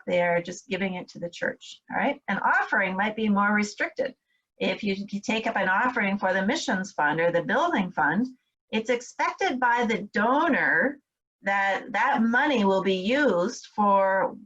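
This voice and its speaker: A woman's voice: mid-range voice, a bit bright, muffled recording. Woman teaching finance with many fillers. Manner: explanatory, with frequent fillers and "all right?" check-ins. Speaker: instructor. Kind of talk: recorded training lecture. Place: home, in Michigan.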